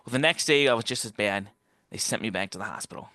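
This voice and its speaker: A man's voice: lively intonation, fast, pushed and bright, dry recording, studio quality. A man guest telling a rambling personal story in casual talk, acting out the voices he quotes. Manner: rambling, acts out quoted voices with big pitch jumps. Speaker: interview guest.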